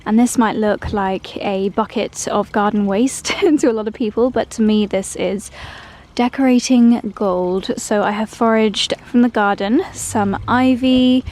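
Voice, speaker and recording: A woman's voice: mid-range voice, fairly even intonation, measured pace, hardly any pauses, a little mellow. A woman chatting through a casual home vlog tour, gushing with lots of "lovely" and "cozy". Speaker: lifestyle vlogger. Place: indoors at home and in holiday cottages.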